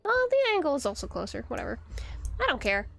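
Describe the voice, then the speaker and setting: A woman's voice: sits high, wildly swooping pitch, fast talker, vocal fry, soft background music. A young woman streaming a game, chatting casually, rambling and giggling as she answers her chat. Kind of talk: casual live-stream chat while gaming. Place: home computer setup.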